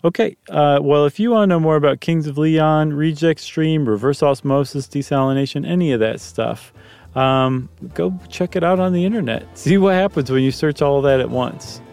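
A man's voice: a little high, moderate pace, creaky, a little mellow, soft background music. A man co-hosting a podcast, chatting casually and rambling with fillers and jokey asides. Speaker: podcast co-host. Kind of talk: casual chat.

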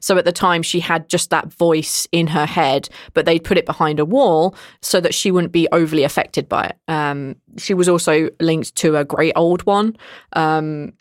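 A woman's voice: low voice, steady tone, moderate pace, dry recording, studio quality. A woman dungeon master in casual podcast chat, talking freely with many fillers and laughing asides.

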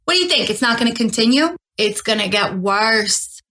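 A woman rants angrily and swears freely. Her voice is fairly high and bright, with a sharp edge. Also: expressive, normal speed. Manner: angry, profane ranting.

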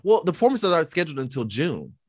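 Lively, gushing podcast co-host. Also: medium pitch, fast, dry recording, clean studio sound. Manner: animated, gushing, trails off with fillers. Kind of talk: casual chat.

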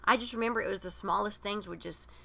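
Woman with a bright, gravelly storytelling voice. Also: medium pitch, quick pace. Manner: rambling, many "like" fillers, acts out quoted voices. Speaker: podcast co-host. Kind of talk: personal storytelling in casual chat.

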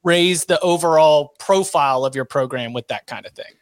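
A man co-hosting a sports podcast, dropping quick jokey interjections. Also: fairly high pitch, no room sound. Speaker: podcast co-host. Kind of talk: casual sports chat.

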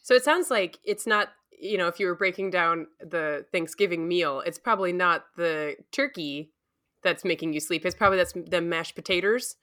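A woman co-hosting a podcast in casual chat, playful and jokey, quick to laugh. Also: fairly low pitch, fairly bright tone. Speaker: podcast co-host.

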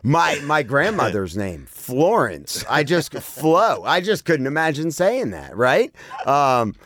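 A man's voice: fairly high pitch, very animated, takes it slowly, fairly bright tone, no room sound, clean studio sound. A man co-hosting a podcast in casual chat, joking around, laughing often and acting out mock moans. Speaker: podcast co-host.

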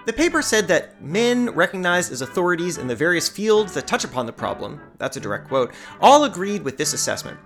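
A woman's voice: fairly low pitch, sing-song, fairly quick, few pauses, soft background music. A woman hosting a podcast, narrating a script with wry, playful asides. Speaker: podcast host.

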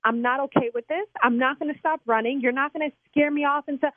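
List: woman, phone call, indignant, swears when angry, higher voice, dry tinny phone sound. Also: fairly even intonation, fast talker, no room sound. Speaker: prank call target, mother. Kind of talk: heated phone argument. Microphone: telephone.

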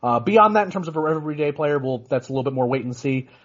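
Quick rambling guy cohosting a sports podcast, husky voice, kinda muffled lo-fi sound. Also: a little high, lively intonation. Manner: rambling, many restarts and "you know"s. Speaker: podcast co-host. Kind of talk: casual sports podcast chat.

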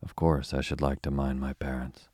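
Man voicing a strict middle-aged father in a storybook; stern and commanding, deep and flat. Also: normal speed, no room sound, studio quality.

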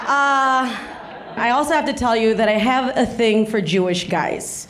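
A woman in her thirties from South Texas performing a stand-up set, telling a story with animated delivery and acting out the people in it. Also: a little high, takes it slowly, over a noisy crowd, heavy background noise. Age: 30s. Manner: animated storytelling, acts out voices, laughs along. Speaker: stand-up comedian.

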